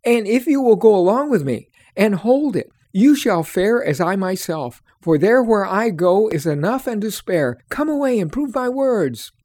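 A man's voice: high-pitched, lively intonation, normal speed, hardly any pauses, darkish tone, dry recording, voice pushed up. A man reading aloud, voicing an anguished male pilgrim who pleads in old-fashioned speech. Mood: pleading. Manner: earnest, pleading, archaic speech.

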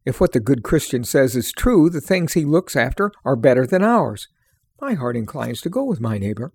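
A man reading aloud, voicing a gentle, easily swayed male neighbor who speaks mildly. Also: mid-range voice, very animated, normal speed, husky, no echo.

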